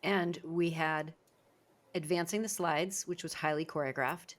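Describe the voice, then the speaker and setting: Woman, podcast host, speaking coach, low voice, effusive, praising. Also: fairly even intonation, a little slow. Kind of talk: interview conversation.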